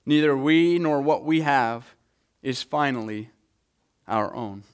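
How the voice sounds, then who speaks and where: A man's voice: mid-range voice, takes it slowly, smooth. Earnest man preaching a sermon. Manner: earnest, repeats words when stressing a point. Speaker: pastor.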